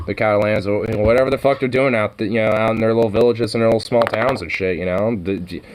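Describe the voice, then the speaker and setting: A man's voice: fairly low pitch, steady tone, quick pace, background noise. A man in a casual, rambling monologue, swearing a lot and full of fillers.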